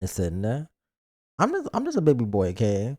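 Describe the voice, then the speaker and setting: A man's voice: mid-range voice, huge pitch swings, normal speed, a little mellow. A man streaming a game in a silly, joking and rambling way. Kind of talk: casual game stream chat.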